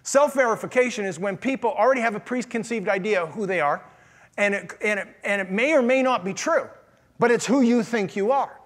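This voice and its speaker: Male pastor, higher pitch, conversational sermon full of questions to the room. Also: fairly quick, fairly bright tone. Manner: conversational preaching with rhetorical questions. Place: church.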